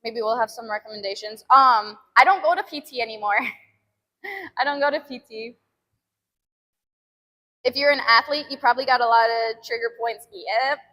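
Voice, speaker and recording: Bright-voiced young woman chatting with viewers. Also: on the high side, moderate pace, long pauses, in a large hall. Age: 20s. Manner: chatty, laughs often, groans at sore muscles. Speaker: fitness streamer. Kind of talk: casual chat with live viewers. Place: gym.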